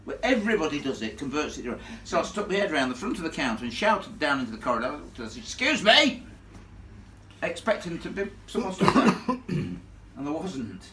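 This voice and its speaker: A man telling a ghost story live to an audience in a chatty, animated way, laughing along with the crowd. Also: on the high side, quick pace, slight background noise. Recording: echoey room, from far off.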